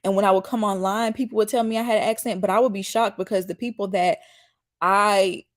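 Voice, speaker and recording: A Mississippi woman with a slight Southern country accent hosts a YouTube live stream reacting to a dating show, her mid-range voice brisk and fairly even. She chats and rambles casually, reading viewer comments aloud and answering them.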